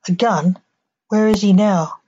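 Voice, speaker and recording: A woman's voice: mid-range voice, fairly even intonation, measured pace, warm tone, slightly rough. A woman voicing a stern male assassin who is a protective father, with dry, clipped lines, on a dull lo-fi recording.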